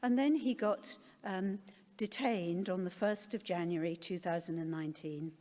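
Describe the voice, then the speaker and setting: Speaking at a moderate pace in a warm, lowish voice, a middle-aged woman delivers a candid personal talk at a conference, poking wry fun at herself. The long reverb of the large conference hall is audible.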